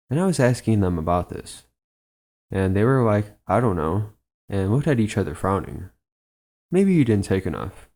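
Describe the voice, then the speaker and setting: Man narrating a first-person story, deep voice, mellow tone, even unhurried delivery. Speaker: channel narrator. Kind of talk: reading a submitted first-person trip report.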